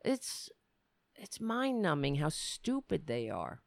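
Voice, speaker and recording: A woman's voice: a little high, wildly swooping pitch, slow pace, vocal fry, dry recording, clean studio sound. A woman hosting political commentary, reading news excerpts and mocking them with sarcastic asides. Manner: reads news excerpts, then riffs on them.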